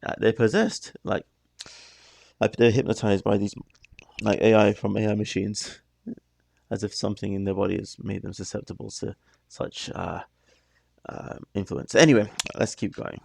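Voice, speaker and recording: Low gravelly guy rambling through a video reaction, stop-start, keeps saying sorry, dry close sound. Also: fairly even intonation, moderate pace, pauses often, darkish tone, no room sound. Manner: musing, stop-start, apologetic asides. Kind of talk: casual reaction commentary.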